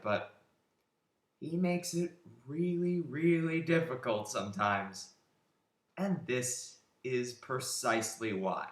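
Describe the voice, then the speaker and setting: A man's voice: mid-range voice, lively intonation, slow pace. A man giving a sarcastic, exasperated rant as an online movie reviewer. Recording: roomy echo.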